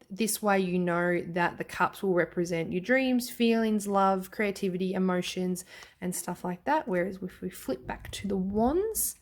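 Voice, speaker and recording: A woman with an Australian accent chatting enthusiastically through a tarot deck review, full of ums and quick self-corrections. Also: mid-range voice. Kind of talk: casual tarot flip-through vlog.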